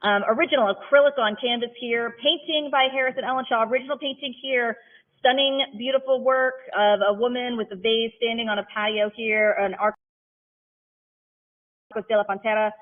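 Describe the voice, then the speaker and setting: A woman auctioneer running a live sale, calling bids in a steady rhythm and breaking off into chatty, self-deprecating asides. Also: fairly high pitch, brisk. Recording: tinny phone-like sound.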